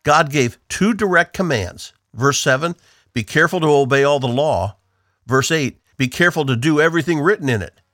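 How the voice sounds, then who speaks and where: A man's voice: on the high side, lively intonation, normal speed, fairly bright tone, no echo, clean studio sound. A man from the northeastern United States giving an earnest, emphatic devotional Bible teaching on the radio.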